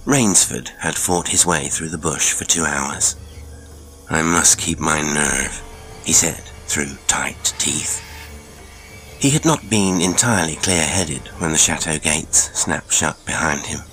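A male narrator reading a suspense story aloud. His voice is extremely low, and his delivery is measured and dramatic, with faint music underneath. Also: animated, fairly bright tone. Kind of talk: scripted audiobook narration.

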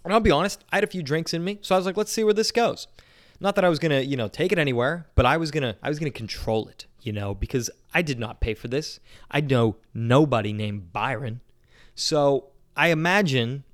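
A young man from the Pittsburgh area of Pennsylvania tells a long, casual story in a medium-pitched, slightly bright voice. He rambles, leaning heavily on fillers like "you know what I mean."

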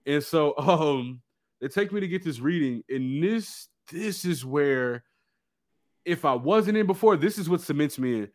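A man telling a personal story in casual chat, animated and slangy. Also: on the high side, a little slow. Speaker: guest.

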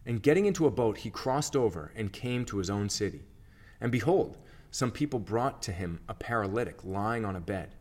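A man reading scripture aloud for a church reading plan, in a steady, measured narration. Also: on the low side. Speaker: scripture reader.

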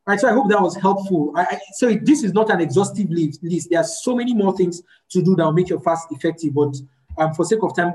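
A woman's voice: on the low side, a little mellow, low-quality recording. A woman leads a group session, teaching and answering questions in a practical way and repeating words for emphasis.

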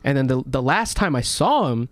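A man's voice: medium pitch, moderate pace, no room sound. A young man tells a rambling story on an underground radio talk show. He acts out the voices of the people in it and fills the gaps with "like" and "uh", and his swearing is casual. The sound is close and completely dry. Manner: animated storyteller, acts out quotes with lots of swearing and fillers.

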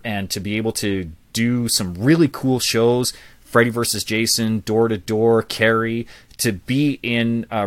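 A man around forty, a public speaking coach, telling his life story as a guest in an interview with lively asides. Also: mid-range voice, no room sound. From Canada.

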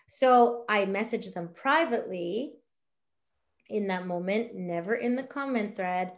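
A woman teaching a sales class, chatty and animated, acting out little dialogues as she explains. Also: medium pitch, normal speed. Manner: animated, acts out dialogue with big voices. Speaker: essential oil sales trainer.

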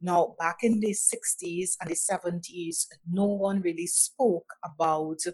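A middle-aged woman with a Trinidadian accent shares her story on a podcast. She speaks earnestly and at a measured pace, in a slightly low voice. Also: steady tone, a little mellow, husky. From Trinidad and Tobago. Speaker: podcast guest. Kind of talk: personal storytelling.

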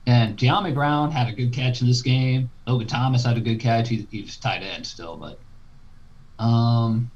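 A man's voice: medium pitch, moderate pace, darkish tone. A man co-hosting a casual sports podcast, laid-back and hedging. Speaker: podcast co-host. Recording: dull lo-fi sound.

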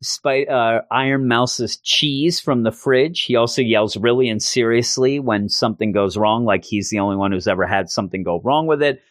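A man co-hosting a podcast, recapping a comic issue in casual chat and switching into goofy high voices when quoting characters. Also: no room sound, studio quality. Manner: animated retelling, jumps into high goofy voices for quotes. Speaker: podcast co-host reviewing comics.

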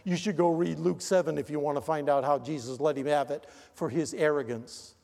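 Older man, pastor, emphatic sermon delivery, high voice, long church reverb. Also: steady tone, brisk, gravelly. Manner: emphatic preaching, swings between loud stressed words and low quiet asides. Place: church sanctuary.

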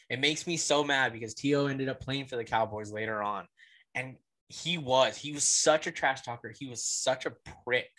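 A young man co-hosting a sports podcast in casual chat. He talks bluntly, swears freely and laughs as he tells his stories, with a voice of ordinary pitch for a man. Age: young adult. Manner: animated, laughs while telling stories. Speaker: podcast co-host.

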